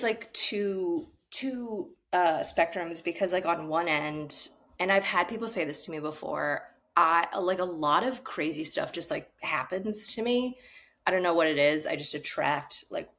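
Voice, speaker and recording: Lively laughing woman comedian telling stories. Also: fairly low pitch. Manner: animated storyteller, laughs often, many fillers. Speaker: comedian, podcast guest. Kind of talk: casual storytelling chat.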